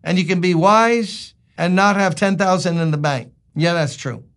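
Joking New pastor preaching. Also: male voice, high-pitched, normal speed, fairly bright tone. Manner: conversational, joking storyteller. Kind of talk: sermon.

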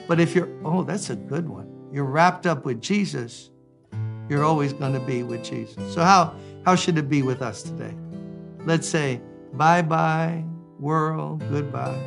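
A man in his sixties preaching a sermon, animated, swinging between loud exclamations and quiet asides. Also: a little high, moderate pace, vocal fry, over music. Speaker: pastor.

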